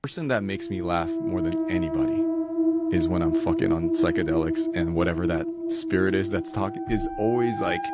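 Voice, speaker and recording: A man's voice: deep voice, sing-song, brisk. A man telling a rambling, profane story in a stand-up style.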